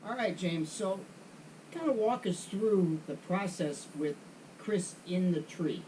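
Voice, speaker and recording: A man's voice: high-pitched, animated, slow pace, darkish tone, distant mic, a little hiss or hum, rough recording. A man hosting a casual golf chat show, asking questions and telling a long joke. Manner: jokey, tells jokes. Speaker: host.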